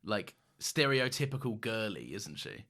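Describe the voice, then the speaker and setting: A man co-hosting a podcast in casual chat, teasing and quick to laugh, with a bad cough. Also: fairly low pitch, sing-song, bright, forceful tone. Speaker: podcast co-host.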